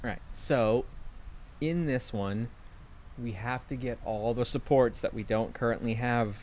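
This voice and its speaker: A man's voice: medium pitch, a little slow, a little mellow, a little hiss or hum. A man casually commenting while streaming a video game, playful and chatty, reading his character's lines aloud. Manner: yawning, chatty. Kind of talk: casual let's-play commentary.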